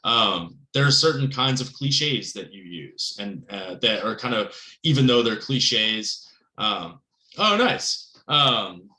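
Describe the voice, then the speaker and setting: A man giving a recorded writing lecture in a conversational, rambling way, often checking in with "right?" and getting animated on key points. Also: slow, roomy sound, poor audio. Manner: animated, pitch jumps up on emphasis. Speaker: writing instructor.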